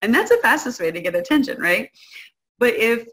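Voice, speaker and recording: A woman's voice: on the high side, fairly quick. A woman guest-hosting a parenting talk, speaking conversationally and often checking in with the listener. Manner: conversational, keeps checking in with "right?"; acts out quoted parents and kids in lively voices. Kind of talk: casual teaching talk to an audience.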